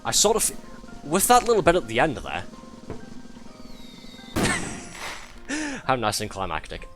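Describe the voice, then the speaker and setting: A man's voice: mid-range voice, wildly swooping pitch, brisk, music in the background. A man giving live gameplay commentary as a streamer, wry and sarcastic, laughing often at his own game.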